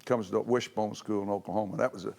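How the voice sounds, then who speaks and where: A man's voice: fairly low pitch, fairly even intonation, quick pace, gravelly, darkish tone. An older man, a former head coach, telling folksy, boisterous stories on a reunion panel and laughing through his punchlines. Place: large event hall. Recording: echoey hall.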